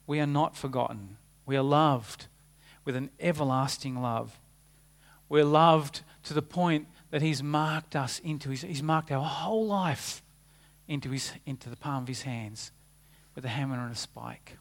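A man preaching a sermon, earnest, rising for emphasis and dropping to a hushed tone. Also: medium pitch, unhurried.

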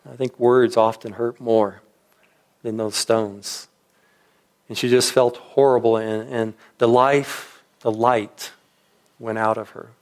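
A man's voice: mid-range voice, level tone, slow. A man preaching a sermon, telling a story in a reflective way with frequent restarts. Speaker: pastor.

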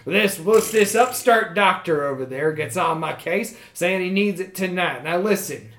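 A man's voice: high voice, animated, unhurried, fairly bright tone, echoey room, slight background noise. A man voicing a portly, irritable colonel in his late fifties, drawling and bossy in a tabletop game. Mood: grumbling.

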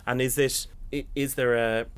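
A man's voice: medium pitch, little pitch movement, normal speed, clean tone. A man interviewing a guest, asking long, hesitant, rambling questions.

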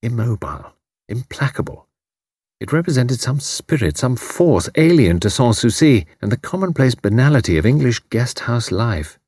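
A man narrating an audiobook in a measured, expressive reading style, close to the mic. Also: medium pitch, breathy edge, no echo. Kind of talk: scripted narration.

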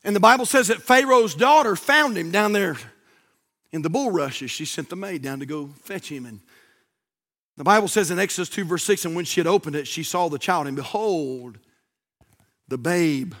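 A middle-aged male pastor preaching a sermon, swinging from shouts to near whispers. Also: sits high, brisk. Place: church sanctuary.

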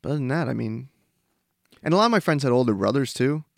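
Fast-talking laid-back young man. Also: medium pitch, expressive, vocal fry, dry recording, clean studio sound. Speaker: podcast co-host. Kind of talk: casual chat.

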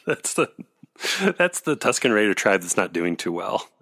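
A man's voice: fairly low pitch, very animated, unhurried, creaky, a bit bright, husky. A man co-hosting a casual comedy chat with playful, wry asides. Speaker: podcast co-host.

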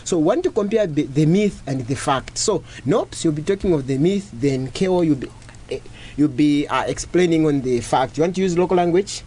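A young man hosting a radio show in a casual, steady way, repeating himself and talking straight to his listeners. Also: on the high side, moderate pace, breathy edge. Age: young adult. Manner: repetitive, steady, addresses listeners directly.

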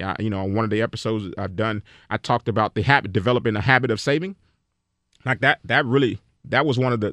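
A man's voice: fairly low pitch, fairly bright tone, dry recording, studio quality. A man hosting a podcast on personal finance, talking casually and earnestly, preaching and often repeating himself. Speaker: podcast host.

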